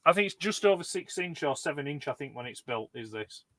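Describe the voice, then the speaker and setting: A man's voice: on the high side, animated, brisk, fairly bright tone, dry recording. A man co-hosting a casual chat about toys, rambling with many restarts. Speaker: co-host of a toy collector chat.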